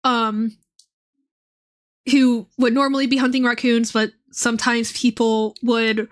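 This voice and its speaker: A woman's voice: a little high, little pitch movement, measured pace. A young woman streaming and chatting casually, rambling with lots of fillers and swearing. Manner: rambling, profane, many fillers.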